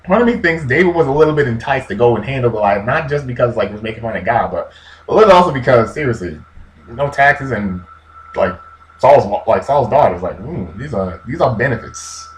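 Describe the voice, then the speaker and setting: A man's voice: medium pitch, expressive, a little fast, rough recording. A man hosts his own casual video, riffing on an old story with slang and asides. His voice sits in an ordinary mid-range, and his delivery is loose and playful. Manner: jokey, rambling, slangy. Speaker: video host. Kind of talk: casual comedic Bible retelling.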